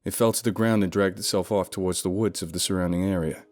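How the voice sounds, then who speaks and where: Guy w a lowish voice narrating a creepy first-person horror story, dramatic delivery. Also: steady tone, fast, darkish tone.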